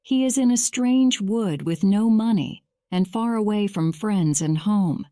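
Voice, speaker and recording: A woman reading a simple storybook aloud for English learners, clear and deliberate. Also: mid-range voice, mellow, dry recording. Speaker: narrator. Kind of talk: slow scripted story narration for English learners.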